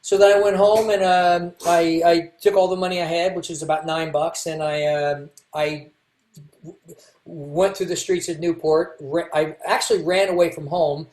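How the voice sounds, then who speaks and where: A man from Kentucky, a guest telling his life story in a candid, halting way and restarting his words. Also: on the high side, level tone, a little mellow. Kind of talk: casual interview storytelling. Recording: echoey room.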